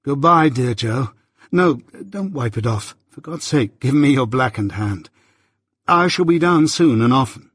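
A man reading an audiobook, voicing a proud, touchy young gentleman who speaks with self-righteous indignation. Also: mid-range voice, expressive, a little slow, husky, no echo, clean studio sound. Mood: tender.

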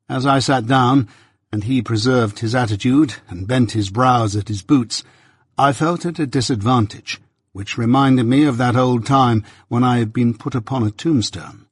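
A man with a husky voice narrating a novel in a measured first-person storytelling manner. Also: mid-range voice, no echo, clean studio sound. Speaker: audiobook narrator. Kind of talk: scripted narration.

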